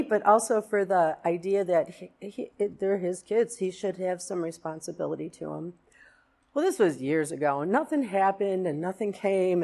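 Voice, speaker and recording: A woman's voice: lowish voice, a little mellow. A woman in her fifties giving a personal testimony at a church service, earnest and rambling, with many fillers and restarts. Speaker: congregant sharing a testimony. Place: church sanctuary.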